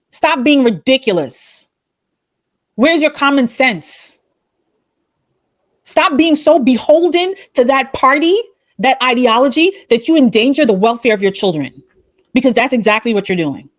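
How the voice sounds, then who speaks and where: A woman with a somewhat high voice lectures her viewers in a fervent, preachy monologue. She fires off rhetorical questions and scolds, climbing into raised outbursts and then dropping into low, quiet rebukes. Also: expressive, normal speed, long pauses. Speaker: commentary channel host. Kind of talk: impassioned opinion monologue.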